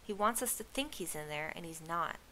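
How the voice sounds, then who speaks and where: A woman voicing a gruff, bossy Trog father who barks orders at his family in a storybook reading. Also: fairly low pitch, lively intonation, fairly quick, bright, forceful tone, rough recording. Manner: barking orders.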